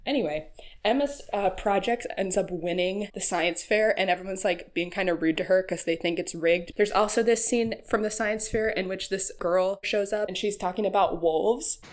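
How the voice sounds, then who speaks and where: A woman's voice: mid-range voice, normal speed. A woman hosting a casual recap voice-over, chatty and frank, laughing often and using lots of fillers. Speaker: YouTube recap host.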